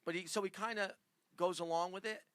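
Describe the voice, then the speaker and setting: A man in casual chat explaining how he makes comedy prank calls, talking in quick, rambling bursts. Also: high-pitched, steady tone, a bit bright, clean tone, no echo.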